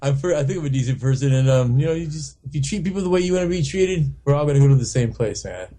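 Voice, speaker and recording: A man's voice: medium pitch, expressive, fast, warm tone. A man in his fifties, a rock guitarist from San Francisco, telling rambling, profane stories with frequent laughs in a casual radio interview. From San Francisco, California.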